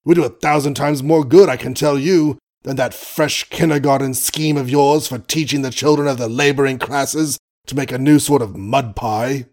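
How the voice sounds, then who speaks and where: A man voicing a gruff, blustering old male colonel in an audiobook, indignant and old-fashioned in his bluster. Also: mid-range voice, fairly even intonation, normal speed, hardly any pauses, a little mellow, close to an everyday voice. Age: older.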